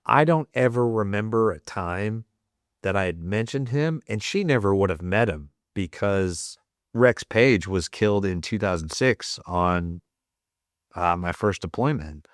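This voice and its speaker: A man from the United States, a Marine veteran guest on a podcast, telling a personal story candidly, with heavy swearing, fillers and halting restarts, choked up and teary. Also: fairly low pitch, animated, dry recording, clean studio sound. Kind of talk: emotional storytelling in a podcast interview.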